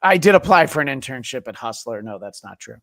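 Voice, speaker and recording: A male podcast host talks in an easygoing, casual way and often pauses on "uh." His voice sits in a middle pitch, and the recording sounds dry and close. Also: dry recording. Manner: relaxed, many "uh" fillers. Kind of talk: casual conversation.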